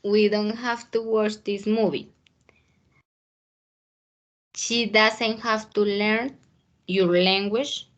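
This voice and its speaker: A woman student reading English example sentences aloud in class, slowly and carefully. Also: mid-range voice, fairly even intonation. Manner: slow, careful, halting reading.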